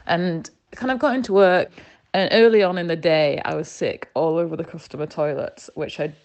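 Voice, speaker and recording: A woman's voice: lowish voice, moderate pace, a little mellow. A woman with a northern English accent, recording a phone voice note and telling an embarrassing story with laughter and self-mockery. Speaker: listener sending a voice note.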